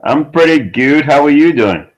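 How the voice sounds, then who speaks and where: A man's voice: fairly high pitch, expressive, normal speed, low-quality recording. A man joining a webinar as the host's business partner, friendly and full of praise. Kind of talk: casual chat on a webinar.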